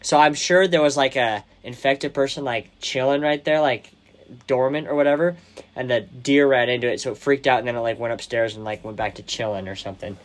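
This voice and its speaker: A young man hosting a podcast, retelling movie scenes casually and excitedly, with slang and lots of "like". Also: medium pitch, brisk. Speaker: podcast host. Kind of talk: casual chat about a movie.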